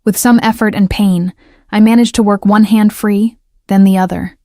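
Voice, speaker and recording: A woman narrating a dark romance story in the first person, in an even, measured reading. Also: medium pitch, no echo, clean studio sound.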